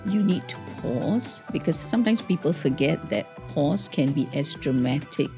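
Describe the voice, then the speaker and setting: A woman's voice: low voice, animated, normal speed, dark tone, faint music behind. A middle-aged woman, a guest on an interview show, chatting casually and animatedly, acting out examples and laughing often. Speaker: guest, founder of a speaking academy.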